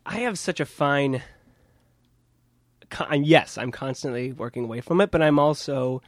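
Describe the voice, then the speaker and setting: A man's voice: medium pitch, a little slow, no room sound. A man from Kansas, a puppeteer, chatting in his puppet studio in a self-deprecating way with frequent laughs. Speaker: puppeteer guest. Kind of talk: casual interview.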